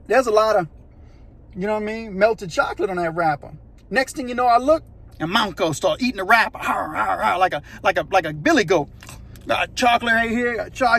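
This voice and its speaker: A man telling a prison story in a casual, animated, slangy way, acting out voices and sounds. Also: high voice. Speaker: storyteller recounting prison life.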